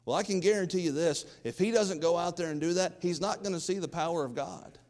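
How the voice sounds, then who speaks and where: A man preaching from the pulpit, folksy and emphatic. His voice sits a little high for a man, and he talks straight to the congregation. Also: fast, darkish tone, big-room sound. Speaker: pastor. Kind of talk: sermon.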